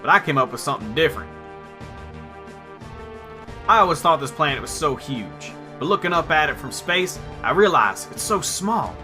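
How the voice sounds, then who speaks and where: A man voicing a gruff, brash middle-aged airship pilot who curses a lot, read aloud during a game playthrough. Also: on the high side, very animated, normal speed, pauses often, sharp tone, faint music behind, voice pushed up, heavily acted. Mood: rousing.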